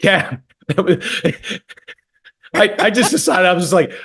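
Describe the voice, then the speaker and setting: Speaking slowly with long pauses, this Texan podcast co-host has a high-pitched, slightly bright voice with a breathy edge. In a casual storytelling chat, he tells a rambling, profane story and keeps stammering and starting over.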